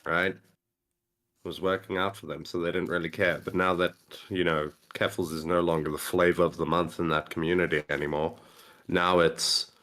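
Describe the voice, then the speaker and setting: A man's voice: low voice, flat delivery, moderate pace, a bit bright. A man co-hosting a casual reaction podcast, thinking aloud, restarting his sentences and swearing in confusion. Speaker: podcast co-host.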